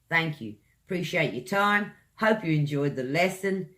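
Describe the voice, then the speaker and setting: A man's voice: on the high side, lively intonation, bright, forceful tone. A man with a British accent giving an online English pronunciation lesson, stretching out each word and chatting to viewers between examples. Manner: slow, drawn-out enunciation of words, chatty asides to viewers. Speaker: English teacher.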